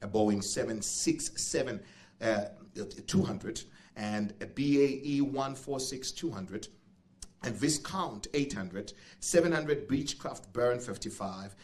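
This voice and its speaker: A man's voice: medium pitch, slow, darkish tone. A man with a South African accent emceeing an event, joking with the audience and laughing often. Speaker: master of ceremonies. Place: event venue.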